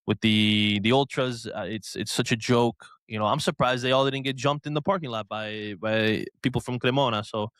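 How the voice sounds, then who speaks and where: A man's voice: medium pitch, fairly even intonation, normal speed, hardly any pauses, fairly bright tone, clear, resonant tone, no room sound. A man co-hosting a podcast, ranting in a heated way and restarting his sentences often. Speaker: podcast co-host. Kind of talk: casual podcast chat.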